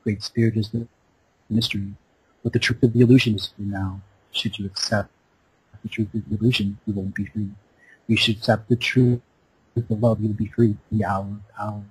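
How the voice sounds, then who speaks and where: Raspy, low-voiced man preaching in incantations. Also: little pitch movement, fairly quick, darkish tone, no echo, poor audio. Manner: incantatory, repetitive, preaching cadence. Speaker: radio show host. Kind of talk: impassioned spiritual monologue. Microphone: Skype call.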